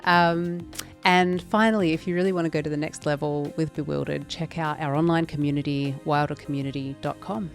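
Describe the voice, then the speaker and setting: A woman's voice: deep voice, steady tone, fairly quick, hardly any pauses, faint music behind. A woman co-hosting a podcast, chatting casually and telling stories about herself in a playful, self-mocking way. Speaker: podcast co-host. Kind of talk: casual chat.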